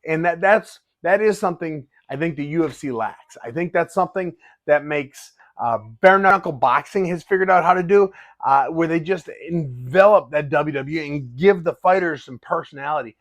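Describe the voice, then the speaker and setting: A middle-aged man and fighter talking excitedly in a casual vlog, often restarting his sentences. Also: fairly high pitch, normal speed, dry recording. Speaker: fighter and vlogger.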